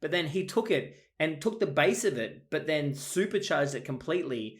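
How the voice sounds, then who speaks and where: A man co-hosting a podcast, telling family stories in a casual, animated way and laughing often. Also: a little high, moderate pace. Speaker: podcast co-host. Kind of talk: casual storytelling chat.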